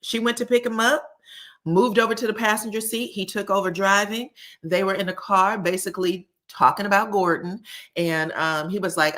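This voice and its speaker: A woman with a slightly low voice hosts a casual recap of a reality show. She talks straight to her audience in a chatty, sassy way, full of quick asides and laughing remarks. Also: a bit bright. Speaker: host.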